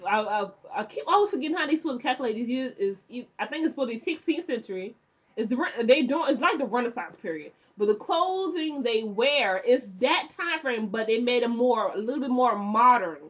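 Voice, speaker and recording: A woman's voice: on the high side, brisk, breathy edge. Chatty young woman recapping a show. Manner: chatty and animated, mimicking characters. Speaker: TV recap vlogger. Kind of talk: casual TV episode recap. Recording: dull lo-fi recording.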